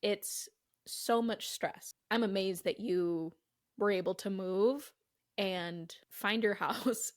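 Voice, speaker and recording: A woman's voice: medium pitch, slow pace. A woman co-hosting a podcast in casual chat, supportive and affirming. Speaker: podcast co-host.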